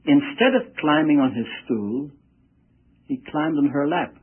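A man's voice: a little high, a little slow, breathy edge. A man preaching a sermon and answering questions from listeners, stressing key words hard and using family stories to make his point. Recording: tinny lo-fi radio broadcast.

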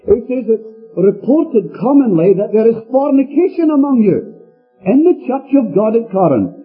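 A man's voice: very high voice, sing-song, moderate pace. A man preaching an earnest sermon to a congregation, with a swooping delivery. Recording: tinny phone-like radio recording with faint music.

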